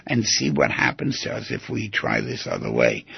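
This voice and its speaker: A man playing a calm, reasonable inner "computer" self who coaxes and bargains, recorded on a dull lo-fi track. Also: fairly low pitch, moderate pace, vocal fry, husky, no room sound, full character voice. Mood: coaxing. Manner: reasonable, coaxing. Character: patient, coaxing rational "computer" self, male.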